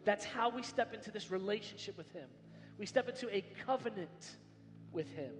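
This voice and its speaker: A man preaching a sermon as pastor, swinging from hushed lines to shouted emphasis in a large church hall. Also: high voice. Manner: dramatic swings from soft to shouting. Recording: long hall reverb.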